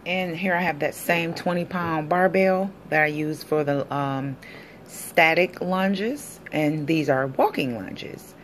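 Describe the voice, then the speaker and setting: A woman with a low, deep-set voice talks through leg exercises as a personal trainer, upbeat and encouraging. Her delivery is casual and chatty, and faint background noise sits under the voice. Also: takes it slowly. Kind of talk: casual fitness vlog with exercise instruction.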